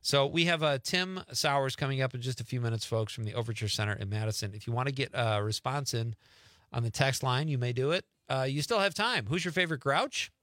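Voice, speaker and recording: A man's voice: mid-range voice, no room sound. A middle-aged man hosting a radio talk show in a studio, reading out listener texts in a casual, jokey way. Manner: lively, jokey, quick reactions. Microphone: studio microphone.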